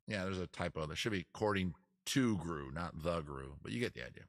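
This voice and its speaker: A man's voice: low-pitched, animated, fairly quick. A man hosting a casual live-stream trivia quiz, joking around and teasing the players. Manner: joking, teasing, crude asides. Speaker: host running a trivia quiz.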